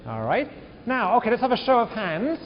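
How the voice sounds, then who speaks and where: A man teaches a large university class, his voice high and swinging widely as he repeats himself and quizzes the room. The sound is dull and lo-fi, with a long echo from the lecture hall. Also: a little fast. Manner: animated, repeats words, questions the class.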